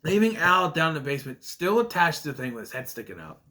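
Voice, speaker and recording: A man casually recapping a sitcom episode, rambling and quoting characters in quick asides. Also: fairly high pitch, sing-song, pushed and bright. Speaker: retro TV show reviewer.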